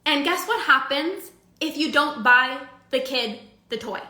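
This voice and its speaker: A woman's voice: sits high, animated, a little slow, bright, forceful tone, reverberant. A young woman coaching her audience in a casual live-streamed talk, chatty with filler likes and everyday analogies. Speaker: binge eating coach.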